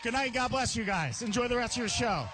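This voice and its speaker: A man doing a stand-up routine, telling a story in an animated way and jumping into squeaky voices for the people he quotes. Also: brisk, background noise. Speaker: stand-up comedian.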